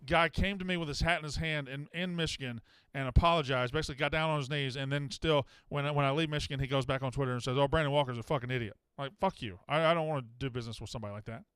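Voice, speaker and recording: A man's voice: fairly high pitch, fast, few pauses, a bit bright, clean tone, no room sound, studio quality. A man hosting a live sports call-in show, blunt and profane, often exasperated with callers. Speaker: sports betting show host.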